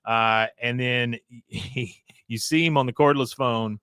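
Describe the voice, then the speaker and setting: A man hosting a podcast, casually retelling a cartoon episode and jumping into squeaky voices when he quotes characters. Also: measured pace, clean tone, dry recording, studio quality. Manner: animated, jumps into high squeaky voices for quotes. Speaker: podcast host. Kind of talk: casual episode recap with retold dialogue.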